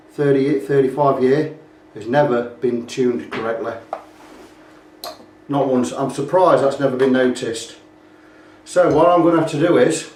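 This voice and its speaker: A man's voice: mid-range voice, slight background noise. British man in an echoey workshop. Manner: rambling, points out faults as he goes. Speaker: guitar repair technician. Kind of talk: casual workshop walkthrough. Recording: echoey room, mic at a distance.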